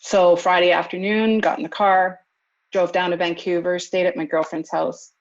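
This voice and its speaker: Woman with a lowish voice telling her story, acts out other people's lines, dull lo-fi sound. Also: level tone, normal speed. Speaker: interviewee recounting events. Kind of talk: casual storytelling interview. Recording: dull lo-fi recording.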